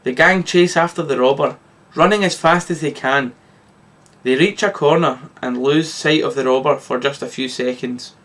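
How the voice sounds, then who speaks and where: A man reads his own short story aloud. His voice sits slightly high and stays lively. He stumbles now and then and corrects himself. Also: moderate pace. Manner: lively read-aloud narration with small slips.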